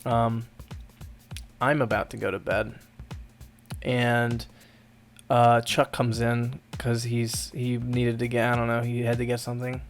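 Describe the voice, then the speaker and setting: A man's voice: medium pitch, flat delivery, unhurried, soft background music. A man co-hosting a podcast, telling a story in a casual, profane way and laughing as he goes. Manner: profane, laughing storyteller doing friends' voices. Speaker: podcast co-host.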